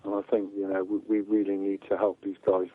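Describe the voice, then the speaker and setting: Halting man over a tinny phone line. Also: deep voice, completely flat delivery, no room sound. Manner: halting, repeats words often. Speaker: activist guest. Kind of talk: earnest interview answers.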